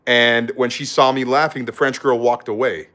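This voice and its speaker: A young man tells a rambling travel story from a hotel room, loose and casual, full of fillers and acted-out quotes. His voice sits at a plain middle pitch. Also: steady tone, normal speed, fairly bright tone. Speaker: travel vlogger.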